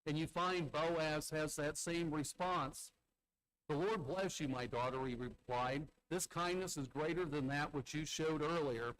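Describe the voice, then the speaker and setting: Conversational preacher man, slightly high voice. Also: a little slow, fairly bright tone, low-quality recording. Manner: conversational, asks listeners rhetorical tag questions; acts out the characters' quoted lines in Bible stories. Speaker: church elder preaching. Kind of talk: sermon.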